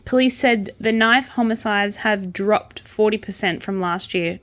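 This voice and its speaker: A woman's voice: medium pitch, fairly even intonation, normal speed. A young Australian woman hosting a casual chat, reading news aloud and reacting with open sorrow. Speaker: podcast host. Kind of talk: casual true-crime commentary while crocheting.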